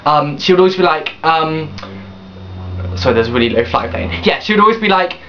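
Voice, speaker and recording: A man's voice: a little high, animated, a little fast, sharp tone, a little hiss or hum. A young man in his late teens telling a personal story on his vlog, rambling with restarts and blunt swearing. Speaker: vlogger. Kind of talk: casual confessional storytelling. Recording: dull lo-fi webcam recording.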